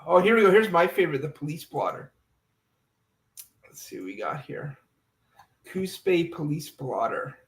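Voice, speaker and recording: High-voiced guy in an echoey room. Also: sing-song, normal speed, long pauses. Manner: reads police blotter with amused asides. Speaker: livestream co-host. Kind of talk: casual livestream chat reading local news.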